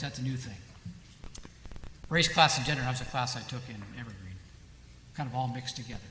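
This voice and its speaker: A man's voice: mid-range voice, sharp tone, a little hiss or hum. A man giving a lecture with emphasis, asking rhetorical questions and answering them himself. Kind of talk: lecture with read-out quotations. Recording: echoey hall with long reverb.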